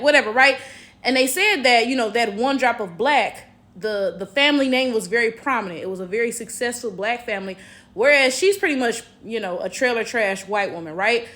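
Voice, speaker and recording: A woman's voice: on the high side, lively intonation, fairly quick, fairly bright tone. An American woman giving casual, sassy reaction commentary to her viewers, often checking in with a rhetorical "right?". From United States. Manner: chatty, sassy, addresses viewers as y'all. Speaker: commentary vlogger.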